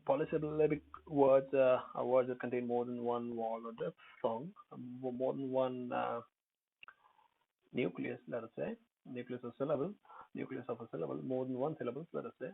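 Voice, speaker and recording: A man's voice: medium pitch, steady tone, normal speed, gravelly, slightly rough. A man teaching English pronunciation in an unscripted lesson, hesitant, with many fillers and self-corrections. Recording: tinny phone-like audio.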